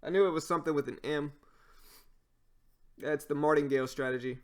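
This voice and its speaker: A man with a Cajun accent talks casually on a live stream, answering chat and walking through trading ideas. His voice sits a little high for a man, and his speech is loose, with frequent fillers. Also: fairly even intonation, brisk.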